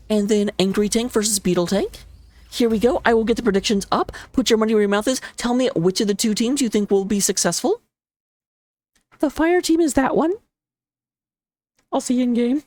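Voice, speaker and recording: A woman with a slightly high voice calls a live esports match. She talks rapidly and excitably, cracking playful jokes as she goes. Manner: playful, jokey. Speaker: esports caster. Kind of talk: live game commentary on a stream.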